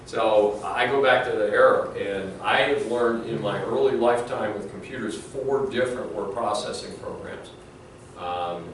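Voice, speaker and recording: Recorded from a distance, a middle-aged male law professor with a fairly low pitch lectures in a relaxed way, full of anecdotes, filler words and restarts. The large classroom adds echo, and there is a faint hiss.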